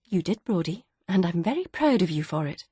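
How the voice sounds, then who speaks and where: A woman voicing a calm, patient middle-aged wife who soothes her husband with soft, gentle teasing in an audiobook. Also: lowish voice, fairly quick, slightly rough, no echo, studio quality. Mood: soothing.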